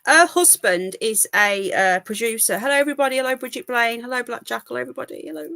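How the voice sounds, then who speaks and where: A woman's voice: on the high side, fast talker, creaky, bright, forceful tone, no room sound. A woman from England hosting a live call-in stream, chatting casually and greeting viewers as she gossips. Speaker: live call-in show host.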